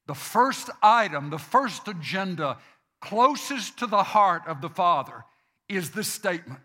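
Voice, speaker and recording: A man preaching a sermon, slow and deliberate, repeating phrases for emphasis. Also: high-pitched, pushed and bright. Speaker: pastor.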